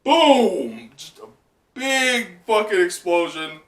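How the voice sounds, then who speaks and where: A man hosting a casual live reaction, excitable and laughing often, with plenty of fillers and swearing. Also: mid-range voice, unhurried. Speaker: channel host. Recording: echoey room, mic at a distance.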